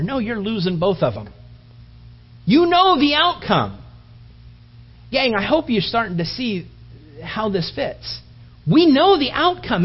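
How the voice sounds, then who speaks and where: A male preacher delivering a sermon as animated storytelling that builds to emphatic peaks. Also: very high-pitched, slightly rough. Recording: dull lo-fi recording.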